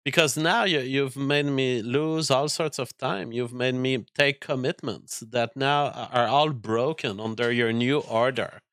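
Man, streamer, bright forceful voice, dry close sound, ranting. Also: medium pitch, a little slow, hardly any pauses, no echo. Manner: ranting, profane. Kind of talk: reacting to clips.

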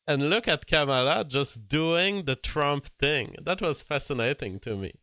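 A man's voice: fairly high pitch, expressive, a little slow, few pauses, sharp tone, no echo. A man giving opinionated political commentary in casual talk, breaking into mocking impressions, with frequent restarts.

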